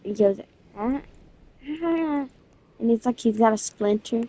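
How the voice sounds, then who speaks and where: A woman narrating a game event in a casual, excited, slangy way, restarting her sentences again and again. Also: mid-range voice, fairly quick. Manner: rambling storytelling with constant restarts. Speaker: gaming video creator.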